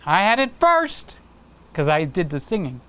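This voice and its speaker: A man's voice: high voice, huge pitch swings, a little slow, a bit bright, smooth. A man hosting a live stream, chatting casually and playfully with viewers and reading out their comments. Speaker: livestream host.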